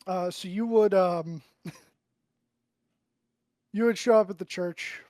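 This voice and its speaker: A man running a tabletop game as game master, narrating with many pauses and throat-clearing. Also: high voice, darkish tone, no echo. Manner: halting, full of ums and throat-clearing.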